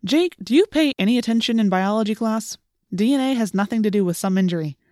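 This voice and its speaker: A woman's voice: mid-range voice, lively intonation, fast talker, darkish tone, no room sound, studio quality, natural voice. A woman voicing a sarcastic, wisecracking teenage boy in an audiobook reading. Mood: mocking.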